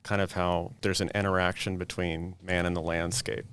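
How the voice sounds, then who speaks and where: A man's voice: low voice, flat delivery, normal speed, fairly bright tone, slight background noise. A man interviewing an artist in a gallery, asking questions in a conversational, enthusiastic way.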